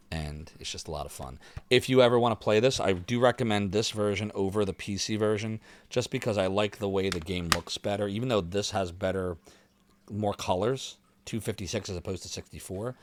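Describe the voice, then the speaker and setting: A man giving casual, jokey let's-play commentary as streamer, often quoting comedy lines. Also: low voice.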